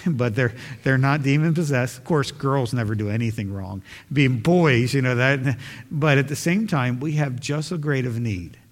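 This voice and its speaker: A man's voice: medium pitch, in a large hall. A man preaching a sermon, earnest and pleading, building to emphatic questions.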